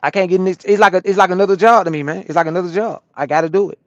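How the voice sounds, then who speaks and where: A man who drives a truck, chatting casually with his stream chat from his cab and answering questions out loud in loose slang. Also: high voice, fairly even intonation, racing, dry recording, lo-fi sound. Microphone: small camera-mounted microphone.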